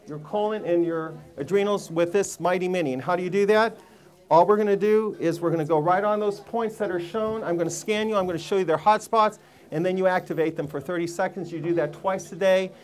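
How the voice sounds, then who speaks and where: A man giving a live seminar talk to a room full of people, emphatic and preachy, firing rhetorical questions at the audience. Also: sits high. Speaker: health seminar speaker.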